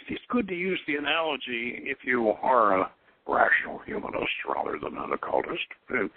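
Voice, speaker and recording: On his call-in radio program about occult philosophy, the older host muses in a rambling way, repeating words and chuckling a lot. His voice is creaky and mid-range, and the audio is dry and tinny like a phone line, with no room sound.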